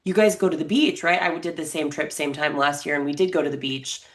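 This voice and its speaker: Chatty, playful woman with a low voice. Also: fairly even intonation, fairly quick. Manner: chatty, playful, laughs often. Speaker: podcast co-host. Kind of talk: casual chat.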